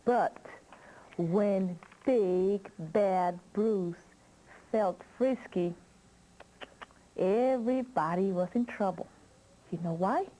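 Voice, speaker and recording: A woman telling a children's story slowly and expressively, asking listeners questions. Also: mid-range voice, mellow, low-quality recording.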